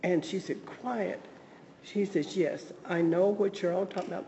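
A woman guest sharing a personal faith story, earnest and halting, with frequent restarts. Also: lowish voice, mellow, long reverb tail, dull audio, a little hiss or hum.

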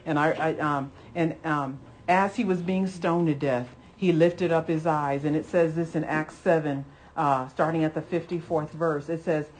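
A woman preacher giving a conversational sermon, retelling scripture with animated storytelling, repeated phrases and emphatic exhortations to her listeners. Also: low-pitched, normal speed, hardly any pauses, a little hiss or hum.

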